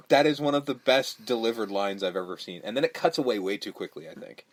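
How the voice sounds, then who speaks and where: A man's voice: lowish voice, lively intonation, a little fast. A man co-hosting a casual movie podcast, retelling scenes and slipping into the quoted lines. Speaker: podcast co-host.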